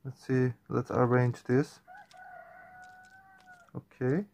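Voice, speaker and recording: Man reacting to a horror game for viewers; spooked, swearing, unhurried delivery, mid pitch. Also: steady tone, creaky, darkish tone. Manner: jumpy, swearing, talks to viewers. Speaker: gaming channel host.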